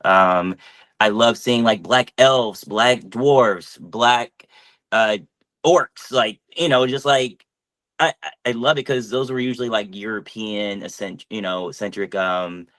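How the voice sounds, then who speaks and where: A man's voice: on the low side, slow, a bit bright. A man, a voice actor on a panel, talking earnestly and enthusiastically with frequent "um" and "like". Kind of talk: casual panel talk.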